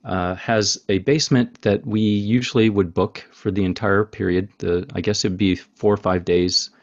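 Low-voiced man telling a story, lo-fi. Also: fairly even intonation, normal speed. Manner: storytelling, easygoing with fillers. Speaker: podcast host. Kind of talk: casual interview chat.

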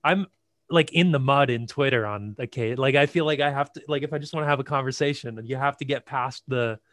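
A man's voice: medium pitch, fairly quick, fairly bright tone, no echo. A man hosting a podcast in casual conversation, rambling and hesitant as he searches for words. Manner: rambling, hesitant, many fillers like "like". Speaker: podcast host.

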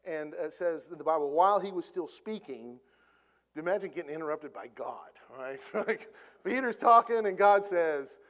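Animated Oklahoma pastor preaching a sermon. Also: male voice, normal speed. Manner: animated preaching, acts out quoted speakers; drops to a quiet, low voice for solemn points. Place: church sanctuary.

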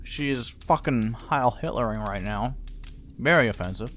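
A young man casually commenting on a horror game he is playing, profane and prone to loud startled outbursts. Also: medium pitch, moderate pace, a little hiss or hum. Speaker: gaming channel host. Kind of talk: let's play commentary.

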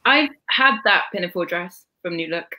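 A woman's voice: lowish voice, lively intonation, normal speed, sharp tone. A woman co-hosting a casual live chat, throwing in dry, teasing quips. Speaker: co-host.

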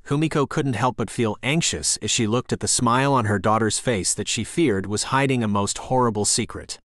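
A man narrating a scary story in a calm, measured, scripted way. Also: medium pitch, no echo, studio quality.

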